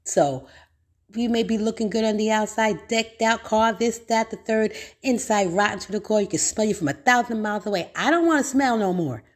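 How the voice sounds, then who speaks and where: A middle-aged woman preaching straight to her listeners, raw and full of swearing, calling them baby and y'all. She hammers her points home with repetition and gets louder as she gets worked up. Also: medium pitch, normal speed. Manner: emphatic repetition, rising with excitement. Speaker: podcast host. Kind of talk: motivational monologue.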